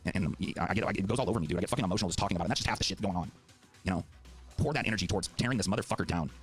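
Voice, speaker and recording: Brief: middle-aged male debater, low voice, rapid-fire, profane and impassioned. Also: breathy edge, soft background music. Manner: fiery, profane, heartfelt. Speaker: political debater.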